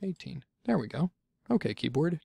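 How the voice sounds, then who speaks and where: Gravelly-voiced man narrating a casual screencast. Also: a little high, very animated, normal speed, warm tone, dry recording, clean studio sound. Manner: chatty, thinks aloud, self-correcting. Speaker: software tutorial instructor.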